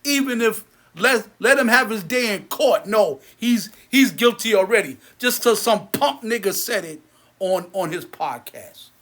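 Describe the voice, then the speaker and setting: A man and movie theater owner ranting angrily to camera, heated and repetitive, his voice sinking low and quiet between outbursts. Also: animated, measured pace. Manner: repetitive, many restarts. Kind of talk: angry rant to camera.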